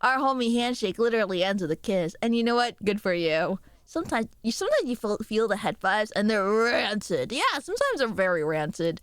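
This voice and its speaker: A young woman streaming and chatting casually with viewers, giggly and animated. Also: clean tone, no echo. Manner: giggly and animated, quick jumps in pitch. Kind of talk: casual chat reading viewer messages.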